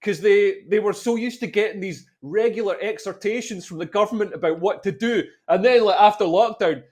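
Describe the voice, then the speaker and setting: A man's voice: high-pitched, brisk, darkish tone. A man, co-hosting a comedy podcast and arguing his point with frequent restarts and swearing. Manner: sweary, argumentative, restarts a lot. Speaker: podcast co-host. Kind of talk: casual comedy podcast chat.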